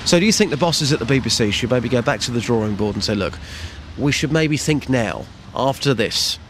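A man's voice: medium pitch, lively intonation, fairly quick, a bit bright, slight background noise. A British man working as a radio reporter, putting teasing, leading questions to people in the street. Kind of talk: vox pop interviewing and radio chat.

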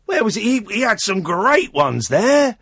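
A man's voice: high voice, a little slow, creaky, breathy edge, no echo. A man hosting a late-night phone-in radio show, chatting casually and playfully teasing a caller. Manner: playful, teasing and animated, with frequent laughter. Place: radio studio. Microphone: close studio microphone.

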